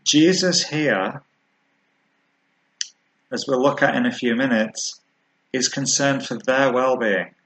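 A man preaching a sermon, earnest and measured, slowing down to stress key words. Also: medium pitch, a bit bright, poor audio.

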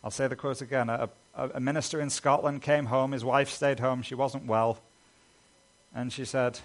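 A man's voice: medium pitch, fairly even intonation, moderate pace. A man preaching a sermon as a pastor, earnest and emphatic, building lists of repeated phrases.

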